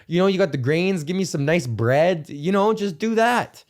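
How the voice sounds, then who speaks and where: A man's voice: high-pitched, animated, moderate pace, a little mellow. A young man hosting a comedy podcast, ranting in a casual, rambling way, swearing and laughing often. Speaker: podcast host.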